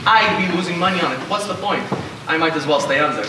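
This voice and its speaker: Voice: fast talker, close to an everyday voice. A young man playing a scheming con man who stages drownings for money, haggling theatrically on a school stage. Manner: haggling, theatrical, sweeping pitch, shouts for help. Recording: echoey stage heard from far off with hiss.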